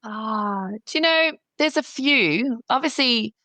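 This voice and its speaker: A middle-aged woman, a counsellor and business founder, chatting as a podcast guest in an animated way and acting out her own past thoughts. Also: a little high, slow, no room sound. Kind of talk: casual interview chat.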